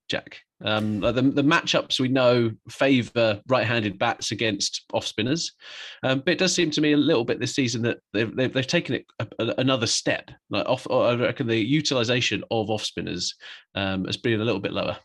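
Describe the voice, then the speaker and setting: A man's voice: mid-range voice, a bit bright. A man co-hosting a podcast, giving blunt opinions in casual chat, often restarting his words and laughing easily. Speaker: podcast co-host.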